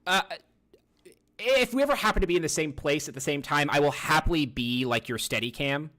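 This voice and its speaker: A male streamer with a bright, forceful tone, chatting loosely with his viewers. He rambles, swears freely and mutters to himself while he searches for things, in the casual talk of a live stream. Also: on the high side, expressive, a little fast. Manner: rambling, profane, talks to himself while browsing.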